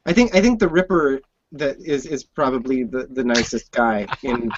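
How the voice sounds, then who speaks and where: A man's voice: medium pitch, moderate pace, no room sound. A man hosting a podcast, talking enthusiastically about the books with many stumbling restarts. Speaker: podcast host. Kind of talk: podcast interview chat. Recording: dull, dry lo-fi audio.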